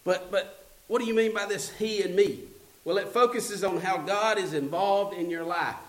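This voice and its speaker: In a church sanctuary, a male pastor delivers a call-and-response sermon that climbs to fervent high points. His voice is high and his speed normal, captured from a distance in the echoing sanctuary.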